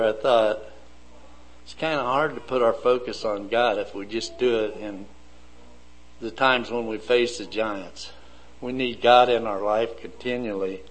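A man preaching a sermon slowly and deliberately, building his points in lists. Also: lowish voice, rough recording.

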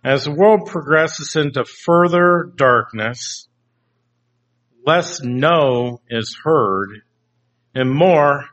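Slow, deliberate male preacher, lo-fi. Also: fairly high pitch, fairly bright tone. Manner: asks the congregation questions, slow and deliberate. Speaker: pastor. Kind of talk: sermon. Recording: dull lo-fi recording.

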